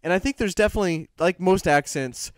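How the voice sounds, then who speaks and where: A man's voice: high-pitched, brisk, no echo. A young man co-hosting a crude comedy podcast, joking in a goofy, mock-serious way. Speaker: podcast co-host.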